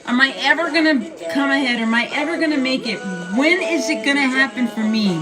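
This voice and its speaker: A woman's voice: sits high, a little fast, music in the background. Blunt, foul-mouthed older woman ranting. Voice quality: profane, blunt and animated. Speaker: livestream host. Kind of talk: casual livestream rant. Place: room at home.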